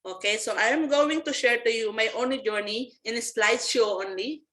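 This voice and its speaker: A woman, giving a personal testimony as a network marketing presenter, earnest and halting with frequent restarts. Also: a little high, a bit bright, poor audio. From Philippines.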